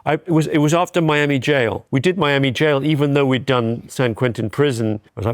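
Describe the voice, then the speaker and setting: A man's voice: medium pitch, brisk, hardly any pauses, no room sound, studio quality. A man in his fifties, a documentary filmmaker, telling wry self-deprecating anecdotes in a casual interview. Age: 50s.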